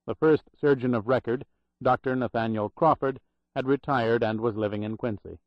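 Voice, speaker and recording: A man narrating an audiobook in a measured, even reading voice, on a dull, dry recording. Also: mid-range voice, no echo. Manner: measured, even reading; plays the protagonist in his own voice. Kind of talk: scripted narration.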